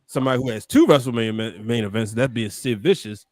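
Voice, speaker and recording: In this casual wrestling chat, the podcast co-host wanders through his argument and keeps dropping in "you know." His medium-pitched voice has a darkish tone, he speaks fast, and the recording is dry.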